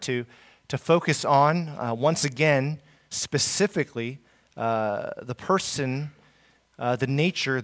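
A man preaching a sermon as pastor, earnest, with many fillers and restarts. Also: mid-range voice.

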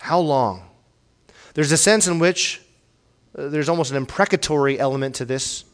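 A man's voice: on the high side, normal speed, long pauses. A man preaching a sermon in an earnest way, often repeating words as he restarts, and rising to a pleading tone when he reads scripture aloud. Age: young adult or middle-aged, has children. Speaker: pastor.

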